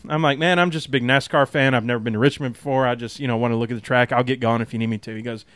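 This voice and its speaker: A man hosting a podcast, telling a story in a casual, animated way with frequent laughter. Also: medium pitch, fast, hardly any pauses, no room sound, clean studio sound. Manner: laughs often, animated storytelling with quoted voices. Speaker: podcast host.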